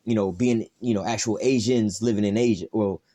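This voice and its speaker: A man's voice: lowish voice, fairly even intonation, fairly quick, mellow. A man teaching scripture in a loose, profane, conversational way, often saying "all right" and "you know". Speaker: Bible teacher.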